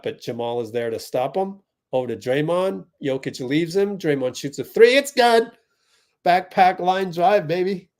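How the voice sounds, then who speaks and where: A young man from the Bay Area hosting a fan watch party, giving chatty live play-by-play that spikes with excitement on big plays. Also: mid-range voice.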